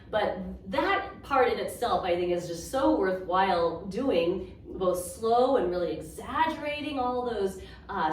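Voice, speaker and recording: A woman's voice: medium pitch, slight background noise. A woman leading an adaptive yoga class, guiding vocal and movement exercises in an encouraging, chatty way. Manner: slow, encouraging, chatty with small laughs. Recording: roomy, distant mic with faint ambience.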